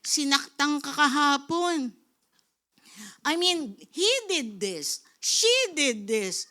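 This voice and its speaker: A middle-aged woman pastor with a Filipino accent delivers a sermon with a high, bright voice. She speaks at an unhurried pace and keeps calling out to the congregation for amens. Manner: lively preaching, switching into Tagalog, calls of "Amen?".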